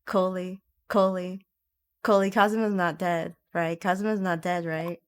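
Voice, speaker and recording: A young woman streamer commenting on a story game with animated, giggly, dramatic reactions. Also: on the low side, measured pace, clear, resonant tone.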